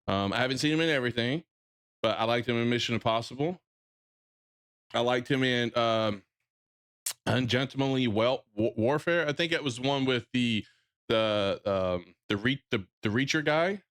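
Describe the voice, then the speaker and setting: A man's voice: medium pitch, moderate pace, fairly bright tone. A man with a Southern drawl ranting bluntly on a casual livestream, swearing freely and often restarting his sentences. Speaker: streamer.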